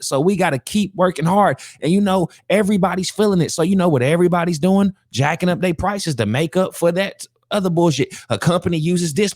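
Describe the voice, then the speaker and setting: A man's voice: a little high, dry recording, clean studio sound. A man hosting a podcast, ranting heatedly and profanely in casual reaction commentary. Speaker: podcast host.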